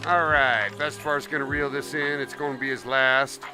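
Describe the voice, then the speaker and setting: A man's voice: mid-range voice, fairly even intonation, moderate pace. Man streamer chatting over music. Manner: refers to himself in third person; affectionate toward viewers. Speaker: live streamer. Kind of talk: casual game-stream chat. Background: background music.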